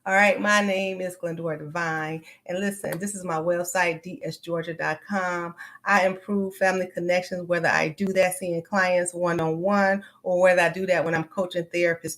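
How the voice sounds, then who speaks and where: A woman's voice: lowish voice, a bit bright. A woman therapist and coach, giving an emphatic, motivational conference talk over a video call. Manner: emphatic, motivational, addresses audience as y'all.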